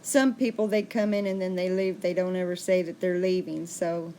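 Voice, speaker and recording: A woman's voice: lowish voice, fairly even intonation, moderate pace, dark tone, slight background noise. Woman, livestream host, chatty, answering viewers. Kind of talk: casual livestream chat with viewers.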